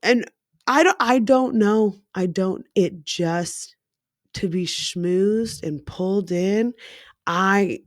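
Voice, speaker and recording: Slow, frank woman in her thirties. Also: medium pitch, no room sound, studio quality. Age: 30s. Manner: frank and profane, filler-heavy with lots of "like". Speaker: storyteller. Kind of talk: candid personal story.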